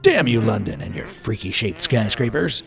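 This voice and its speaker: A man's voice: fairly low pitch, big pitch swings, moderate pace, vocal fry, a bit bright. Guy narrating a fun facts video, voice bounces all over, jokey little asides. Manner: playful, wry asides. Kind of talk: scripted narration.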